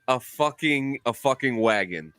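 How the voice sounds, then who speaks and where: A man on a podcast telling a long gaming story in a casual, profane, animated way with many restarts. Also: mid-range voice, measured pace, smooth, no echo. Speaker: podcast co-host.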